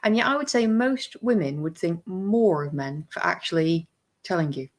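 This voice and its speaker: A woman's voice: lowish voice, animated, normal speed. A woman clinician chatting on a podcast, telling stories about patients and acting out their replies. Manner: chatty storyteller, acts out patient exchanges. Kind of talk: podcast conversation.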